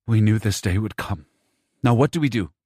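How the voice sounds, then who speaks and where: A man's voice: fairly low pitch, moderate pace, darkish tone, slightly rough, no room sound, studio quality. A man voicing an anxious young wife and mother whose first language is Spanish, speaking earnestly in an audiobook.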